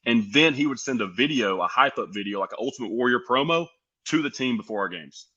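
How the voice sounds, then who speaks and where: A young man from the United States telling stories as a podcast guest, lively and animated, acting out what others said. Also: mid-range voice, quick pace, lo-fi sound. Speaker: podcast guest, pro wrestler. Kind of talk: casual storytelling.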